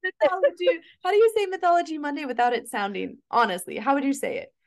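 A woman's voice: sits high, big pitch swings, fast talker. A woman co-hosting a podcast, joking and bantering in a bubbly, casual way. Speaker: podcast co-host. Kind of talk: casual chat.

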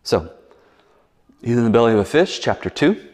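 A man's voice: medium pitch, expressive, fast talker, darkish tone. A man preaching a sermon as a pastor, chatty and verbose, full of asides and jokes. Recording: long reverb in a large hall.

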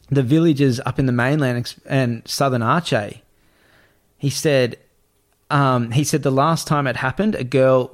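A man telling a travel story in casual chat, animated, acting out the voices of the people in it and swearing freely. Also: medium pitch.

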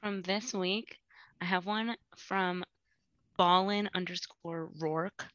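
A woman guest rambles through a casual podcast chat, filling her sentences with "like". Her voice is bright and forceful, pitched on the low side. The recording sounds dull and lo-fi, and dry. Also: steady tone, takes it slowly, no room sound. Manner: rambling, full of "like".

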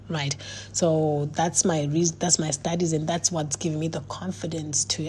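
A woman's voice: sits low, warm tone, a little hiss or hum. A middle-aged woman, a coach and author, talking earnestly to her viewers in a casual monologue, with many fillers and restarts.

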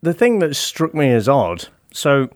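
A man's voice: mid-range voice, very animated, unhurried, no echo. Chill guy laughing through a movie chat, dry close mic. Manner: laid-back, laughs often, swears casually. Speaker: podcast co-host. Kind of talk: casual film review chat.

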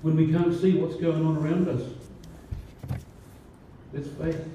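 A man's voice: on the high side, fairly even intonation, unhurried, background noise. A man preaching a sermon as pastor, talking in a conversational way with many fillers and restarts. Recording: distant, roomy, dull church recording.

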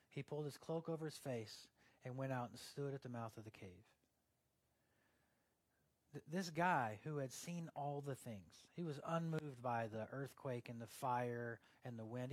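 A man preaching a sermon in a conversational way, swinging from loud emphasis down to a hushed, near-whispered delivery. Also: medium pitch, moderate pace, no echo. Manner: conversational, with fillers like "like" and "uh". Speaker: pastor.

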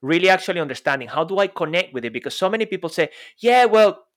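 A man's voice: fairly high pitch, animated, racing, fairly bright tone. Enthusiastic man co-hosting a podcast. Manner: enthusiastic and emphatic, asks rhetorical questions. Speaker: podcast co-host. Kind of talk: casual conversational podcast.

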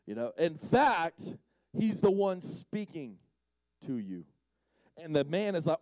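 A man giving a casual, storytelling sermon, animated and slangy, acting out the characters as he retells the story. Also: fairly high pitch, takes it slowly, long pauses, no room sound. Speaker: speaker at a Friday night session.

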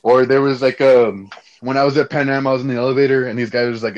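In lo-fi sound, a quick-talking young man from Texas rambles easily through casual podcast conversation. His mid-range voice stays fairly even in intonation, carrying a Mexican-American accent, and he swears freely and keeps calling people "dude."

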